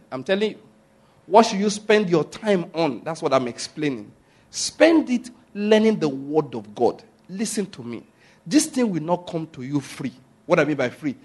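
Male preacher, high husky voice, emphatic sermon delivery that keeps quizzing the congregation. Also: a little mellow. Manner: emphatic, repeats key phrases, asks the listeners questions.

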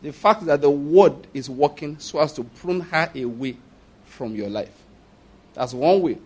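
Husky pastor preaching animatedly. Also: male voice, a little high, unhurried. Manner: animated preaching, acting out prayers and dialogue; repeats phrases and asks the audience for agreement. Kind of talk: sermon.

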